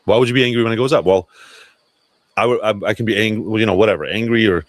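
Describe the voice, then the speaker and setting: Speaking rapid-fire in a lowish voice on a dry recording, a man hosts a laid-back livestream chat. His talk is loose and full of swearing, and he keeps interrupting himself to start over.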